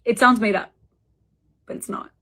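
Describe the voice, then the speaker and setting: A woman's voice: moderate pace, fairly bright tone. A woman talking casually in a clip, full of "like" and rising endings. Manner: chatty, lots of "like", rising upspeak endings. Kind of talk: casual vlog talk played as a clip.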